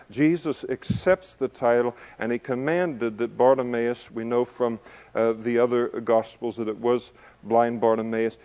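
A man preaching a conversational sermon, joking in asides, building to loud emphasis and then easing down soft. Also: medium pitch. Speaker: pastor. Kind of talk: expository sermon to a congregation.

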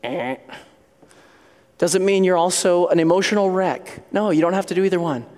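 A man's voice: high voice, fairly even intonation, fast, darkish tone. A male pastor preaching a sermon in an earnest, conversational storytelling manner. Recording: long hall reverb.

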